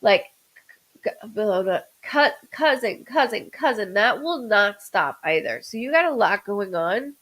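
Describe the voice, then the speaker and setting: A woman's voice: mid-range voice, animated, a little slow, a bit bright, rough recording. A woman doing a live-streamed psychic reading as a medium, rambling with stammered restarts and greeting viewers by name.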